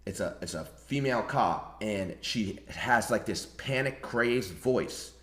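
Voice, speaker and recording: A young adult man, a streamer, telling a story in a casual, animated way, full of slang and cursing. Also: lowish voice, takes it slowly. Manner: animated, slangy, swears freely. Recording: roomy echo.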